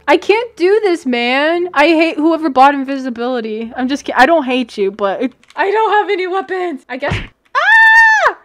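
A young woman giving casual livestream commentary while gaming, excitable and giggly, breaking into squeals and shrieks. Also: sits high, normal speed, shouting, soft background music. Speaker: gaming streamer.

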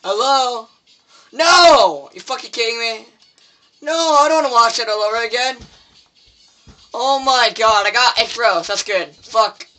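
A man's voice: extremely high pitch, moderate pace, pushed and bright, soft background music. A teenage boy commenting on his own gameplay, swearing and pleading with the game in frustration. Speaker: gameplay video maker.

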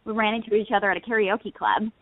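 A woman's voice: medium pitch, fairly even intonation, quick pace. A woman in her thirties, a guest actress calling in to a casual interview and telling stories with frequent laughter. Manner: bubbly storyteller, laughs often. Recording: phone line.

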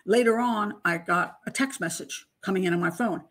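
Picture an older woman with a husky, slightly breathy voice talking through a true-crime case. She is emphatic and incredulous, pausing to mock what she reads. Her pitch sits in a plain middle range for a woman. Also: fairly bright tone. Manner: emphatic, incredulous, mocks testimony with acted-out voices. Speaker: criminal profiler and channel host. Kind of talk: casual true-crime commentary.

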